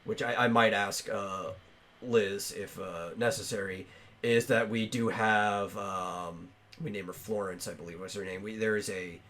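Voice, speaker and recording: A man with a fairly low voice hosts a casual podcast, chatting loosely. He rambles, restarting his sentences and filling pauses as he goes. He speaks into a home microphone on an online call. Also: steady tone, fairly bright tone. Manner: rambling, lots of fillers and restarts. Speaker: podcast host.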